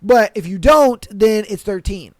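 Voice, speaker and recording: A podcast host riffs on reader stories in loose, slangy talk, with plenty of fillers along the way. The delivery is animated and profane, full of bits that mimic rude customers. The recording is dry and close, with no room sound. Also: medium pitch, a little slow, dry recording. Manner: animated, swears freely, acts out customers. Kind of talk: casual commentary on reader posts.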